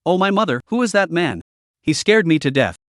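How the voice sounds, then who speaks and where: A man's voice: on the high side, very animated, brisk, a bit bright, dry recording, clean studio sound. A man voicing a flustered housekeeper woman. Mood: startled. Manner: startled, fluttery. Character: flustered middle-aged female housekeeper.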